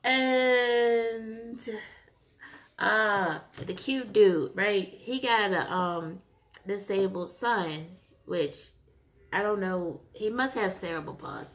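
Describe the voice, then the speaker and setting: A woman vlogger casually recapping a TV episode, retelling scenes in an animated way with lots of fillers. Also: mid-range voice, slow. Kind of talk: casual chat.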